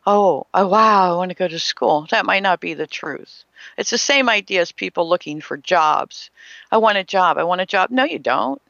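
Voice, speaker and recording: Bright-voiced spiritual teacher. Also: mid-range voice, vocal fry, dry recording. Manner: emphatic, asks rhetorical questions, acts out imagined people. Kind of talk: motivational spiritual talk. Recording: slightly muffled, dry.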